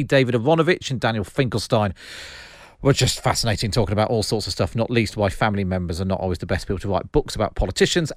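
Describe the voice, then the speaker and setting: A man from the West Country hosting a podcast in a chatty, joking way, his voice a little low. The studio sound is close and dry, with no room echo. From West Country, England. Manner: chatty and jokey. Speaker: podcast host. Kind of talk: conversational podcast presenting.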